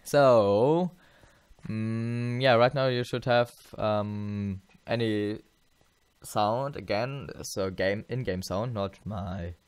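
A tired man talks through his let's play, rambling and halting, full of fillers and restarts. His voice sits a little low and sounds smooth and clean. The sound is dry and close. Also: steady tone, dry recording. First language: German. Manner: rambling, halting, many fillers and self-corrections. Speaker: gameplay channel host.

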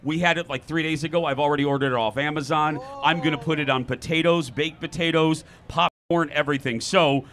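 A man hosting a talk show outdoors at a fair, telling stories in a lively, joking way. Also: fairly high pitch, a little fast, hardly any pauses. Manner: lively, jokey storytelling. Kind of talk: casual chat.

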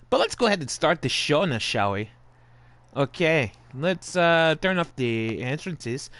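A man's voice: on the high side, fairly bright tone, dry recording. A male host of a live-streamed wrestling game show, putting on a jokey Italian-style accent and chatting casually with viewers, with the odd swear. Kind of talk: playful live-stream commentary.

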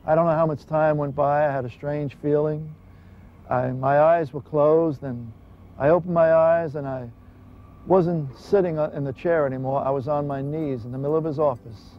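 A man's voice: on the high side, fairly even intonation, moderate pace. A man giving an earnest, emphatic personal testimony. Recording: dull lo-fi recording with faint hiss.

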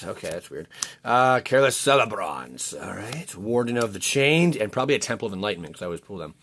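Low-voiced man rambling through card packs. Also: expressive, normal speed, fairly bright tone. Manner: chatty, rambling, frequent restarts and stammers. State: voice cracking. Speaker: card-opening channel host. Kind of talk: casual commentary while opening packs.

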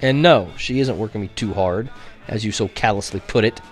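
A man voicing a quiet, dignified old grandfather who speaks in a measured, firm way, in an audiobook reading. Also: lowish voice, soft background music, close to an everyday voice. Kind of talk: audiobook character voice.

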